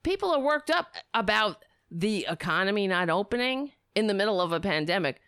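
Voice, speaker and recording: A woman's voice: medium pitch, very animated, a little fast, fairly bright tone, clear, resonant tone, no room sound, studio quality. A woman hosting a political commentary show, delivering a profane, sarcastic, angry rant.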